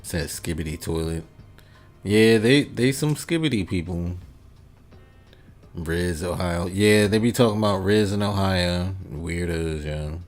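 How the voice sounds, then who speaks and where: Male streamer, deep and unhurried, laid-back rambling chat with frequent chuckles. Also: faint music behind. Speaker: gaming livestreamer. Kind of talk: casual chat reading out viewer comments.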